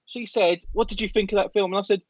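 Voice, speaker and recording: A man's voice: high-pitched, fairly even intonation, fast talker. A man on a podcast, telling a story dramatically with lots of fillers. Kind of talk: casual chat. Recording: dull lo-fi sound.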